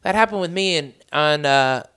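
A man's voice: fairly high pitch, normal speed, pushed and bright, clear, resonant tone. A male comedian chatting casually on his podcast, loose and profane. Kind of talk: casual chat.

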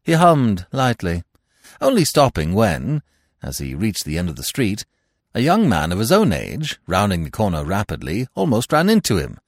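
Wry, lively man narrating. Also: lowish voice, moderate pace, dry recording, studio quality. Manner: wry, expressive storytelling. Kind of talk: audiobook narration of a classic comic novel.

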